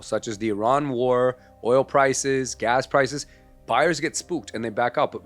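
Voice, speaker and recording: Male mortgage advisor, assured and advisory, average pitch, soft music bed. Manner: confident, advisory, addresses viewers as guys. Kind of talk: scripted explainer to camera.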